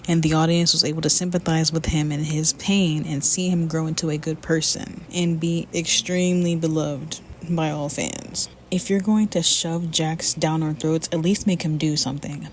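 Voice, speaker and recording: A woman's voice: low voice, a little mellow, slight background noise. A woman giving a blunt, profane commentary rant on a video she made, moving between heated complaints and chatty explanation.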